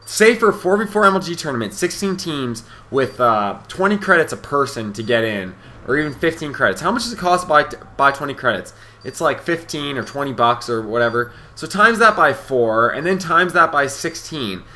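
This young gaming commentator has a somewhat high, sing-song voice with a sharp edge, talking at a normal pace with barely a pause. His casual talk over gameplay is brash, boastful and full of swearing, and it rambles along with plenty of fillers and restarts.

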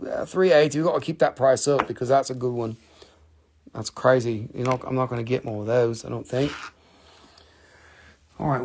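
A man hosting a live sales stream, chatty, profane and excitable, his voice getting scratchy after hours of talking. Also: mid-range voice. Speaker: host selling rocks and gems on a live stream.

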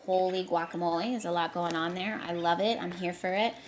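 This tarot reader has a fairly low pitch and fairly even intonation, speaking briskly over slight background noise. She gives her viewers a casual reading, emphatic and often repetitive for effect.

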